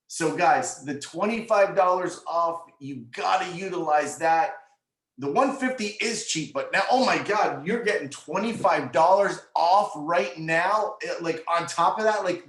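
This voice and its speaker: A man talks fast and eagerly on a video call, pushing a deal and repeating himself to make the point land. His voice sits a little high for a man, and the room around him rings with echo. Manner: hyped, rapid, repeats himself. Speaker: co-host. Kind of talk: casual sales pep talk on video call.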